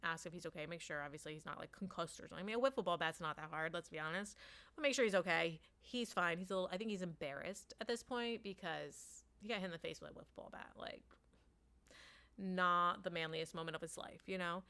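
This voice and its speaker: A woman tells a parenting story in a chatty, casual monologue packed with "like" fillers, acting out what people said. Her voice is fairly low, quick, bright and forceful.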